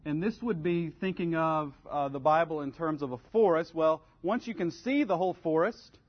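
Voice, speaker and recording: A man's voice: on the high side, moderate pace. A man teaching a Bible study class in an earnest, conversational way, giving step-by-step advice. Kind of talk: practical church class teaching. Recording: dull lo-fi recording.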